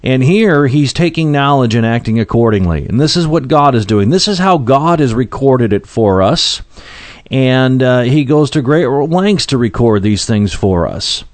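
A man's voice: medium pitch, lively intonation, moderate pace, dry recording. Plain-spoken man teaching a sermon. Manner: plain-spoken, frequent fillers and restarts. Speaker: preacher. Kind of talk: conversational Bible teaching.

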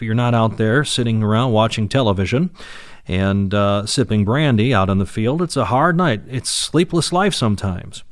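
A man's voice: mid-range voice, dry recording. Man teaching scripture, dry close sound. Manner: unhurried, many fillers and restarts, stresses key words. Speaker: Bible teacher. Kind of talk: recorded Bible teaching.

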